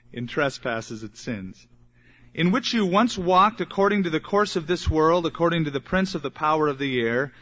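A man preaching a sermon as pastor, emphatic and repetitive, with dramatic pauses. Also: on the high side, a bit bright. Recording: dull lo-fi sermon recording.

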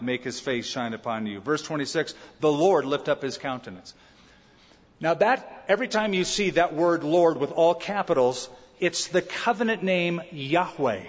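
A pastor preaching an expository sermon, emphatic and asking the congregation questions. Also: male voice, a little high. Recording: dull reverberant church sound.

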